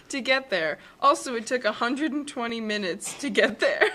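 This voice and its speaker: A woman's voice: on the high side, animated, moderate pace, pushed and bright, slight background noise. A young woman co-hosting a podcast, reading aloud and making wry, teasing remarks between laughs. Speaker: podcast co-host. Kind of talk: casual chat, reading aloud.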